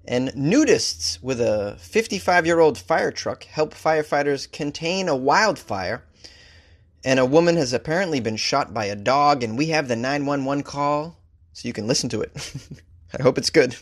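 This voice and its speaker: A man's voice: mid-range voice, animated, moderate pace. A man who hosts a comedy news podcast, reading odd stories and ranting about them with sarcastic mock outrage. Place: Los Angeles.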